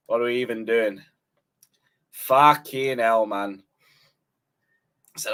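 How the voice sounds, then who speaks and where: A man's voice: lowish voice, lively intonation, slow, pauses often, pushed and bright. A man streaming live, reading super chats in a mocking, tired way. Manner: mocking, tired, says he is exhausted. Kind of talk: casual live-stream chat.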